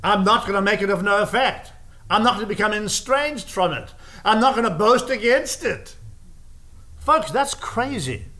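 A man with a high, sharp voice and lively intonation preaches a sermon at a moderate pace. He hammers his points home emphatically through repeated phrases, tossing in casual asides.

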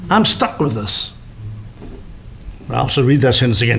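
Animated preacher man, slightly high voice. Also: slight background noise. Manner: animated, varied delivery with slowed emphatic phrases. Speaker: pastor. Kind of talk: sermon.

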